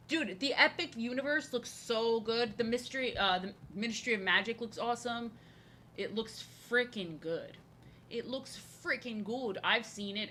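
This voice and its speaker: Bright-voiced young woman chatting on stream. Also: medium pitch, slight background noise. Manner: rambling and chatty, with lots of "like" and restarts. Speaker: art streamer. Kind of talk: casual chat while drawing on stream.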